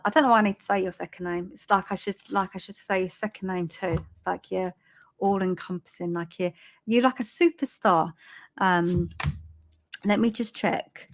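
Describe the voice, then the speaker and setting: A British woman of middle age doing a live psychic reading, her voice soft and soothing at an ordinary middle pitch. She talks in a halting, chatty way, full of ums and little restarts, as if searching for the words. It sounds like a casual live stream picked up on a webcam mic. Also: creaky. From Britain. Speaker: spiritual medium giving live readings.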